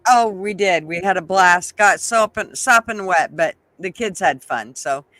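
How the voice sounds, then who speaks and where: An older man with a high, bright voice, talking in a loose, chatty way. He laughs easily and tells stories in a rambling, casual style, recorded dry and close. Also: measured pace, no room sound. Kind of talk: casual chat, storytelling.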